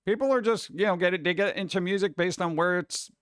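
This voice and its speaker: Chatty man with a smooth, resonant voice. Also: high-pitched, fast, no echo, clean studio sound. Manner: animated, chatty, slips into mock voices. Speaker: streamer host. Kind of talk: casual chat with viewers.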